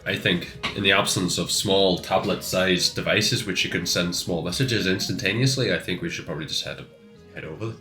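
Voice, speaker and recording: A man's voice: sits low, normal speed, sharp tone, echoey room, soft background music. A man casually recapping a tabletop game session, with many ums and restarts. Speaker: player.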